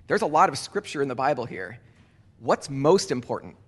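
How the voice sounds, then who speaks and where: A man leading communion as a pastor, speaking earnestly and deliberately, repeating key phrases for emphasis. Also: mid-range voice, sing-song, breathy edge. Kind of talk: communion sermon. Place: church sanctuary. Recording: long church reverb.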